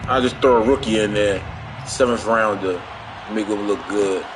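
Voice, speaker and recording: A man's voice: on the low side, normal speed, noisy background. A young man trash-talking and boasting while playing a football video game, swearing constantly. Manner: profane, boastful, excitable rants. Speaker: game streamer. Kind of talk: trash-talking gameplay commentary.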